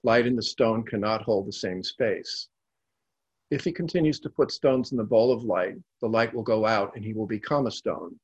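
Calm male narrator reading stories, husky voice, dry close sound. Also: on the low side, moderate pace, no echo, dull audio. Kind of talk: scripted storytelling narration.

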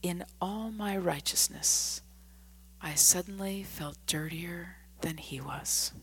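A woman reading aloud and voicing a remorseful grown man who speaks in a hushed near-whisper. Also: fairly low pitch, takes it slowly, slightly rough, poor audio.

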